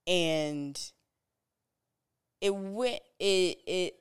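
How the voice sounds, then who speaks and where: A woman's voice: on the low side, slow, pauses often, clear, resonant tone. A woman co-hosting a podcast, telling a personal story in an earnest, direct, conversational way. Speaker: podcast co-host.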